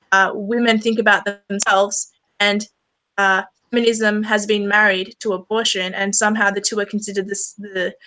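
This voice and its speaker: A woman's voice: medium pitch, pushed and bright, rough recording. A young woman interviewing a guest in a chatty, rambling way, full of fillers. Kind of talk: casual conversational interview.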